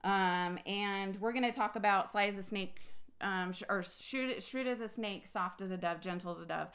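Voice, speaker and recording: A woman preaching an impassioned personal sermon on her podcast, swinging from quiet talk to loud, excited bursts. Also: mid-range voice, moderate pace, echoey room. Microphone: phone recording.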